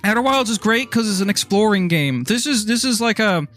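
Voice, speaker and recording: High-voiced rambling Irish streamer guy. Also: a little fast. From Ireland. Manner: rambling, excitable, swears often, stumbles over words. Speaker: game streamer. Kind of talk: casual live-stream chat while playing. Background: faint music.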